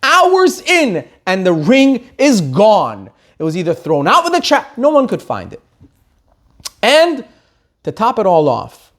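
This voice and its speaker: A man, a rabbi, telling a story in an animated sermon. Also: sits high.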